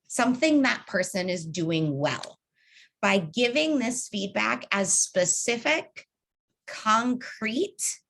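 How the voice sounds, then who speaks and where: This is a young adult woman with a medium-pitched, slightly bright voice, leading an online training on a video call. She stays upbeat and conversational throughout, referring to the group as "y'all."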